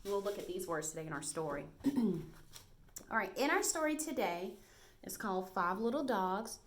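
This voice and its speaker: A woman teaching a first grade reading lesson to young children, speaking slowly and encouragingly and sounding out words clearly. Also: mid-range voice, lively intonation, a little hiss or hum.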